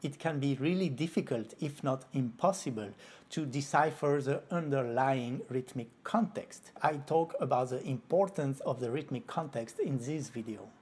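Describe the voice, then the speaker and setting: Male flamenco teacher, husky voice, patient tutorial delivery. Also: medium pitch, normal speed. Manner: explains calmly, breaks off to vocalize rhythm syllables. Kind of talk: tutorial explanation.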